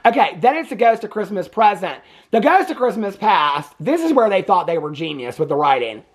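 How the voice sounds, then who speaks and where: A woman's voice: mid-range voice, very animated, a little fast. A woman with a Southern US accent giving a sassy, chatty movie review, laughing often and tossing in "baby" and "okay?" as she talks. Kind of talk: casual movie review rant.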